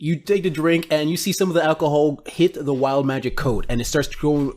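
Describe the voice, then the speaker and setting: A man narrating a tabletop game as game master, describing scenes with quick asides. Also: on the high side, steady tone, darkish tone.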